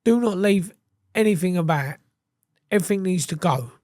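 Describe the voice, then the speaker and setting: A man's voice: high-pitched, animated, moderate pace, a little mellow, dry recording, clean studio sound. An English man, a podcast guest, telling his story casually with heavy swearing and acted-out quotes. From England. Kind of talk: candid storytelling interview.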